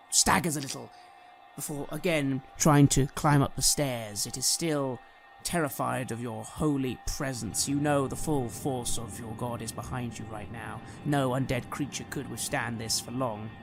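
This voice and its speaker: A man's voice: mid-range voice, vocal fry. A man narrating a tabletop horror game as game master, telling the story dramatically.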